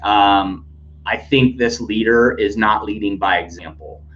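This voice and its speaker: A man's voice: lowish voice, measured pace, a bit bright. A man hosting a casual news commentary podcast, rambling with many fillers and restarts. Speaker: podcast host. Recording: dull lo-fi sound with faint hum.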